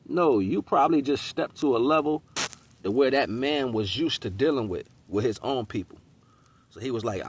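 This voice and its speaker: A man's voice: medium pitch, brisk, slightly rough. A man giving a casual spiritual monologue in street slang, preaching about relationships and accountability and often asking "you know what I'm saying". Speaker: host.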